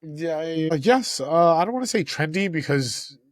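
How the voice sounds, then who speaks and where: A man's voice: on the high side, lively intonation, moderate pace, dry recording. A man with a Brooklyn accent, a real estate agent co-hosting a casual podcast in a playful, laid-back way. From Brooklyn, New York.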